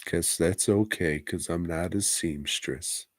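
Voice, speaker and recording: A man's voice: sits low, slow pace, dry recording, studio quality. A man co-hosting a casual movie review podcast, teasing his co-host and swearing freely. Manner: profane, teasing, drawling.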